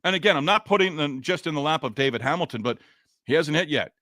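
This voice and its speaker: Casting: male podcast host, a touch higher voice, venting and sarcastic, dead-dry booth sound. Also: lively intonation, quick pace, pushed and bright, dry recording. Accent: Boston. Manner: frustrated, sarcastic, rambling with restarts. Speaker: podcast host reading listener comments. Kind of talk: casual sports podcast talk.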